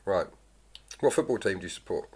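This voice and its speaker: A man keeps pressing his point in a casual podcast debate. He asks question after question and returns calmly to his argument. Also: low-pitched, brisk, breathy edge. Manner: persistent, questioning, calmly arguing. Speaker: podcast co-host.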